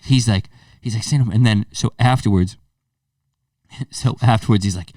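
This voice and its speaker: A man's voice: lowish voice, measured pace, no echo, studio quality, distant mic. A young man co-hosting a podcast, telling a story casually, swearing and acting out what people said. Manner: animated, swearing, acts out quoted lines. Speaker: podcast co-host.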